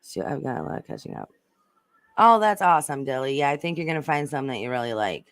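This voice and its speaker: A woman's voice: very deep voice, big pitch swings, quick pace, no echo. A woman hosting a casual livestream, chatting and reading viewer comments in a rambling way, swearing freely. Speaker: livestream host reading chat. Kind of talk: casual chat.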